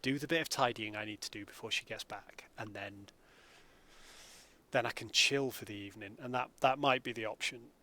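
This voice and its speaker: Bright-voiced chatty man. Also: mid-range voice, moderate pace. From England. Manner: chatty, greets viewers by name. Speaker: streamer. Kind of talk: live gameplay stream chat. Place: home.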